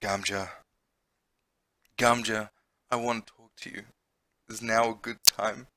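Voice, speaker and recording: Man reading as a hushed sad pigeon boy. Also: lowish voice, little pitch movement, slow pace, heavy background noise. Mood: sad, hesitant. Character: sad young male pigeon schoolboy.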